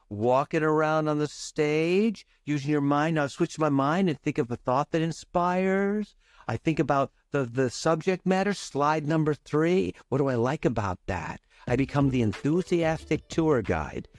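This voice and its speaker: A man, a charisma coach and podcast guest, talking with playful energy and varying his speed and pitch for emphasis. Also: a little mellow, no echo, clean studio sound. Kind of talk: animated podcast coaching talk.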